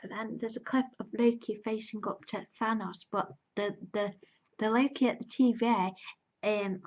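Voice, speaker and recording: A woman's voice: medium pitch, lo-fi sound. Chatty woman recapping a show. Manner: chatty, enthusiastic retelling with fillers and quoted lines. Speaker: TV reviewer. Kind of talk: casual spoken recap.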